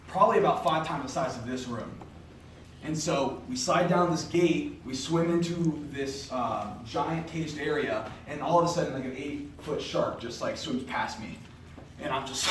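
Young man, faith testimony speech, animated storyteller, very echoey room, distant mic. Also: medium pitch, slight background noise. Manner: animated storyteller, casual filler words. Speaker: podcast host giving a faith testimony. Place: indoor room with an audience.

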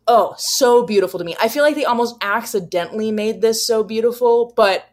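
A woman's voice: a little high, a little fast. A woman co-hosting a podcast, talking earnestly and reflectively in casual chat, with frequent fillers. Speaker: podcast co-host.

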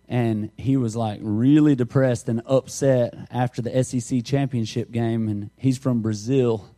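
A man's voice: on the low side, dark tone. A middle-aged man, preaching a conversational sermon through folksy stories and jokes. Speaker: pastor.

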